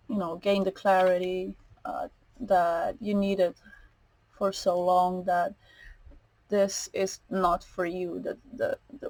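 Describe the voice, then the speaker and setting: A woman's voice: medium pitch, darkish tone, no room sound, rough recording. A woman giving a tarot card reading, slightly nasal, meandering, with many fillers and restarts. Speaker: tarot reader.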